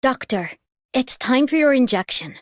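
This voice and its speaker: An actress voicing a playful, bossy young nurse in a video game. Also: female voice, sits high, expressive, moderate pace. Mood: teasing. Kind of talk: game voice acting.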